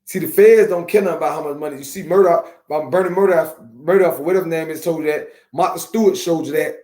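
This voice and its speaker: A man hosting a podcast, talking casually and streetwise to his viewers, slowing down to preach his points. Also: fairly high pitch, warm tone. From Miami. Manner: streetwise, preachy, drawn-out slow emphasis. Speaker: podcast host. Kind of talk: casual live-stream talk to viewers. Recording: echoey room.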